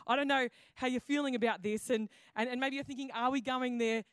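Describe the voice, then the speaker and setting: A woman's voice: high voice, fairly even intonation, brisk, few pauses, smooth, no echo. A woman pastor preaching a sermon in a chatty storytelling way, with many restarts and fillers. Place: church auditorium.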